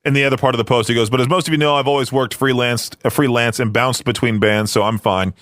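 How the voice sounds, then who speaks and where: A male podcast host in loose, easygoing talk-show commentary. His voice sits at a middle pitch and sounds close and dry, with no room around it. He rambles along with fillers and restarts. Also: fairly even intonation, fast, a bit bright, dry recording.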